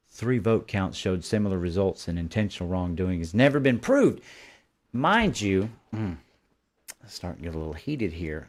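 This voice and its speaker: A man, hosting a live political commentary stream. He reads articles aloud and keeps stopping to pick them apart in a combative, dismissive tone. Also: lowish voice. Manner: combative, dismissive, stops to editorialize. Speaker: host.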